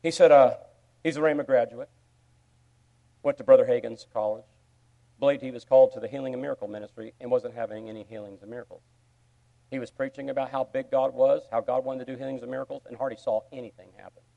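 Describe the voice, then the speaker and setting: A man preaching a sermon, telling a story with sudden swings from quiet asides to loud, excited bursts. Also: mid-range voice, fast, gravelly, dull audio. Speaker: pastor.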